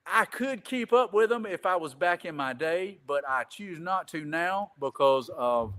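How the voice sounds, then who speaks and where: A man's voice: on the high side, animated, measured pace, sharp tone. A man telling a long casual story as a podcast guest, rambling and repeating "I said," swearing casually. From Greenville.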